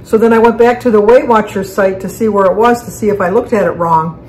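A woman's voice: mid-range voice, quick pace, a little mellow, a little hiss or hum, low-quality recording. A woman hosting a casual home cooking video, chatty and correcting herself mid-sentence as she explains each step in her kitchen. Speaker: cooking channel host.

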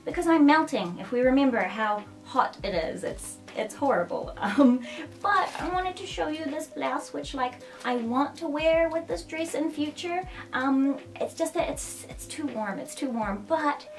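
High-voiced, gushing woman vlogger. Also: a little slow. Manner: gushing and excitable, with frequent gasps and giggles. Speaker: fashion vlogger. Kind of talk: casual unboxing show-and-tell. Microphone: camera mic a short way off. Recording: slightly distant mic, faint background music.

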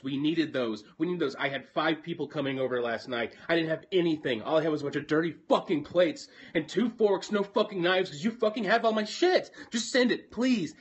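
A man playing a hoarse-voiced angry customer, lo-fi message. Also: mid-range voice, lightly acted. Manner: polite at first, then swearing rant. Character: angry customer wanting his mom's plates back.

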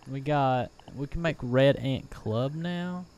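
A man's voice: mid-range voice, slow pace, a little mellow, slight background noise. A young man giving let's play commentary, easily startled and talking to himself as he plays. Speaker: gaming YouTuber.

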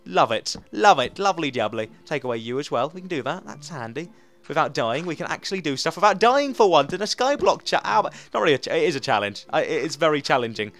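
A man's voice: a little high, very animated, fast, a bit bright. English guy rambling over his game, teasing himself, bit of music underneath. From England. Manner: chatty, self-mocking, talks to himself while playing. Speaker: gaming YouTuber. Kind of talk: let's play commentary.

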